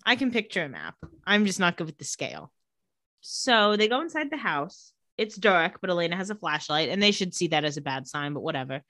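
On a casual podcast, a woman co-host with a lowish voice recaps a TV episode in lively fashion, jumping into quick voices to act out what the characters say. It has studio quality and no room sound.

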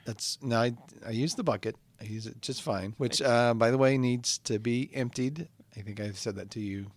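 A man's voice: mid-range voice, dry recording, close to an everyday voice. A man playing a comedy podcast host stuck in a hell studio, earnest and easily flustered. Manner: earnest, flustered, quickly excitable. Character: man trapped in a hell podcast studio, cheerful and put-upon. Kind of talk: improvised comedy sketch.

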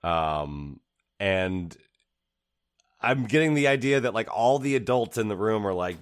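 Man, podcast co-host, low voice, rambling, playful theorizing, dry close mic. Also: lively intonation, a little slow, smooth, no room sound. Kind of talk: casual game discussion.

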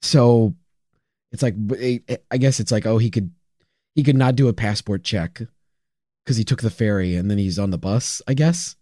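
A man's voice: fairly low pitch, normal speed, dark tone, no room sound, clean studio sound. A man co-hosting a podcast in casual chat, rambling through his thoughts. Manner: rambling, many fillers and restarts. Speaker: podcast co-host.

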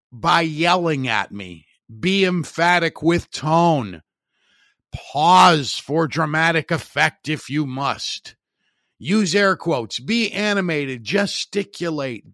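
A middle-aged man talks sports on his podcast, blunt and opinionated, with a wry edge and plenty of restarts. His voice sits a little higher than most men's. The sound is dry and close, with no room around it. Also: fairly bright tone, no echo. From Chicago area. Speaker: podcast host. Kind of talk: sports talk monologue.

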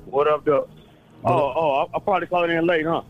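A man's voice: fairly high pitch, steady tone, fast talker, muffled recording. A man calling in to a radio show, telling a story in a laid-back way, chuckling and saying "man" a lot. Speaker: caller. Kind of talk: phoned-in storytelling.

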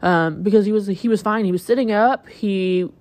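A woman's voice: medium pitch, normal speed, a little mellow, dry recording. A woman hosting a podcast, telling a personal story in a chatty, candid way and using "like" constantly. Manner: chatty, heavy use of "like", emotional and candid. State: choked up at times. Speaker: podcast host.

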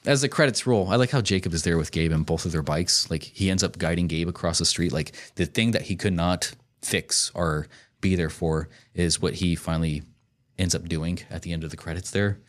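A man's voice: low voice, moderate pace. A man hosting a casual podcast, explaining a film in a thoughtful, rambling way with small asides. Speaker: podcast host reviewing a film.

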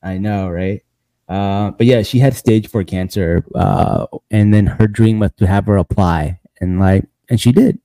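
Male podcast host, dark mellow tone, dry close sound, rambling and laughing. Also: lowish voice, unhurried, vocal fry, dry recording. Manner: loose and rambling, says "bro" and "man" a lot; laughs often between lines. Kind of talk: casual recap chat.

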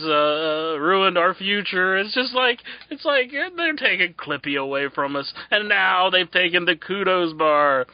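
A man with a West Virginian accent rambles through a casual podcast chat, full of restarts. His pitch swings widely. The audio is dull and lo-fi. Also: lively intonation, measured pace, few pauses, no echo. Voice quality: rambling, with many restarts and frequent "mm-hmm". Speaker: podcast co-host.

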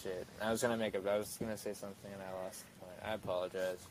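A man's voice: deep voice, level tone, racing, low-quality recording. A young man chats casually as a podcast guest. He rambles and restarts, leaning on fillers as he searches for his point. A faint noise sits under his voice. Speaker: guest actor.

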